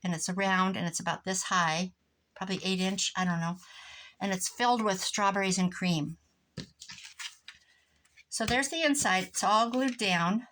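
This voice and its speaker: A woman's voice: mid-range voice, a little slow, long pauses, slight background noise. Chatty woman in her sixties. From Iowa, USA. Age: 60s. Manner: rambling, animated anecdotes with asides about the craft. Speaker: crafting vlogger. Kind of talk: chatty storytelling while crafting. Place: home craft desk indoors.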